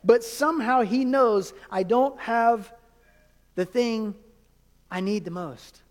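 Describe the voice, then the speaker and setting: High-voiced man preaching in a reverberant hall. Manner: emphatic preaching with rhetorical questions and dramatic pauses. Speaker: pastor. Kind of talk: sermon.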